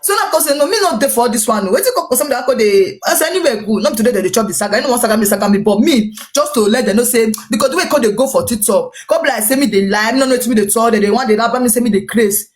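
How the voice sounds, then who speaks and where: A woman's voice: on the high side, racing, few pauses. A woman with a Nigerian Pidgin English accent, rambling as she retells a dispute and voices the other people's lines in her story. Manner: rambling, repetitive, animated retelling with quoted dialogue. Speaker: social media personality. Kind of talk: gossipy storytelling recounting a dispute.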